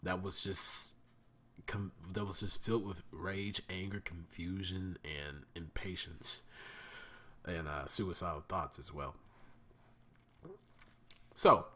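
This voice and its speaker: A man talks through a cartoon episode he just watched, unhurried and loose, swearing freely and circling back with fillers. His voice sits a bit low but rings bright and forward. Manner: profane, bursts into laughing squeals when excited; rambling with many fillers and restarts. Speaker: vlogger reviewing a cartoon episode. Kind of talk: casual excited review.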